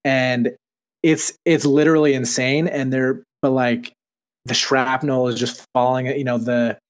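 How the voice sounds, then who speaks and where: A man's voice: mid-range voice, flat delivery, a little slow. A man from Utah chatting casually as a podcast co-host, rambling with fillers and restarts. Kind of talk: casual TV recap chat.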